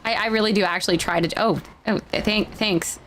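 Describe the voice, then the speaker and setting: A woman speaking as a role-play mayor. Her voice sits at an ordinary middle pitch. She is chatty and laughs often, and at times she shifts into a town hall address. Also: steady tone, a little fast, fairly bright tone, a little hiss or hum. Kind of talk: casual chat, then town hall address.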